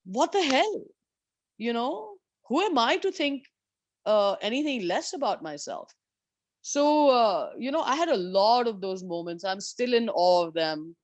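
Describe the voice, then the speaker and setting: A woman's voice: fairly high pitch, measured pace, dry recording. Candid woman telling golf tour stories. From India. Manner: animated, candid, swears freely. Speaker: professional golfer guest. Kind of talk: storytelling in an interview.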